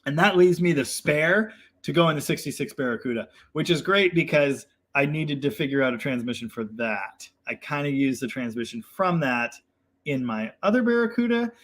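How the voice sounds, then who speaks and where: A man's voice: a little high, lively intonation, moderate pace, fairly bright tone. A young man hosting a casual live chat, reading viewer comments and rambling in a self-deprecating way with lots of fillers.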